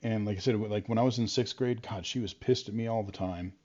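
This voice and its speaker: A male vlogger casually rambles through stories from his school days, full of fillers and restarts. His lowish voice is steady, a little fast and a little mellow, on a dull lo-fi recording.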